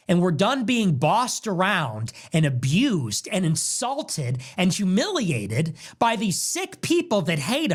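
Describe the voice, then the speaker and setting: A young man hosting a livestream, ranting in an angry, indignant, preaching monologue. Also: high voice. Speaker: political livestream host.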